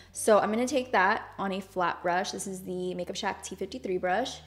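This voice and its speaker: A woman's voice: medium pitch, fast, few pauses, faint music behind. An enthusiastic young woman with no accent, chatting casually as she demonstrates a makeup look to her viewers. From Hispanic background, speaks without Spanish accent. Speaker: beauty YouTuber. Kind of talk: makeup tutorial talk.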